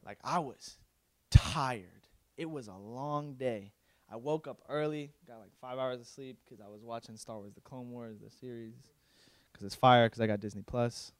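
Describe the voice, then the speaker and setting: A young male pastor preaching a casual, emotional sermon, moving from loud pleading to quiet confiding, with slang in his talk. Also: medium pitch, steady tone, moderate pace, no echo. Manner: casual, uses slang like bro.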